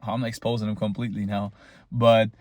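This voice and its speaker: A man's voice: fairly low pitch, little pitch movement, fairly quick, no room sound. A young man, rambling casually in a boastful, tongue-in-cheek monologue. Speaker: vlogger.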